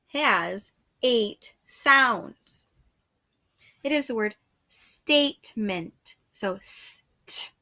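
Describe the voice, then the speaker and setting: A woman's voice: mid-range voice, fairly bright tone. A woman teaching first grade phonics, patiently sounding out letters and words one at a time. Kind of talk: slow phonics dictation lesson.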